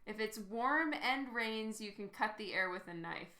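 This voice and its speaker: A woman's voice: mid-range voice, animated, a little slow, sharp tone, reverberant. A woman in her thirties, an artist chatting casually with her live-stream viewers while she draws, giggly and chatty. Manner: giggly, chatty, reads chat aloud.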